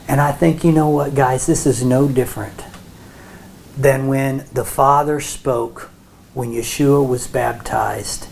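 Slow-paced Bible teacher. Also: mid-range voice, steady tone, vocal fry, darkish tone, a little hiss or hum. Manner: frequent check-ins with listeners; repeats and restarts phrases.

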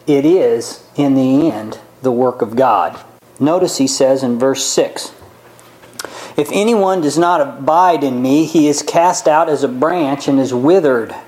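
A man delivers a sermon at an unhurried, measured pace, his voice sitting in a middle pitch. He reads verses aloud and then explains them, drawing out the words he wants to stress. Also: a little mellow, low-quality recording. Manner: slow and deliberate, stretching key words of scripture. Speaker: preacher.

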